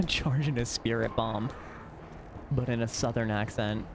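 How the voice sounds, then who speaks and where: A man in the middle of a live game stream, his voice sitting at an ordinary mid pitch. He narrates what he sees with dry, wry asides to his viewers. Game ambience runs clearly underneath him the whole time. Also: measured pace, noisy background. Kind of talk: live gameplay commentary.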